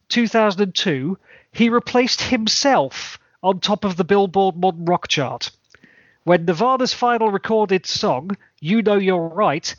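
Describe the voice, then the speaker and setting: A man with a notably high voice hosts a podcast, talking with keen, jokey enthusiasm and rattling off long lists. The sound is dry and close, a little dull in its top end. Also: no room sound. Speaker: podcast co-host. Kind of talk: casual chat.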